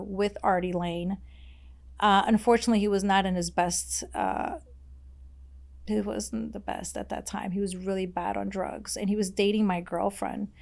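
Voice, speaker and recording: A woman's voice: mid-range voice, gravelly. A woman from Brazil, a podcast guest telling her story in a candid, rambling way, full of "like"s and blunt swearing. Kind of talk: casual interview storytelling.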